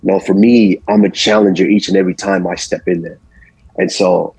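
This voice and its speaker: A man born in Nigeria and raised in Texas, a champion fighter guest answering interview questions in a relaxed way, often repeating words as he thinks. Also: deep voice, moderate pace, slightly rough, no room sound, low-quality recording.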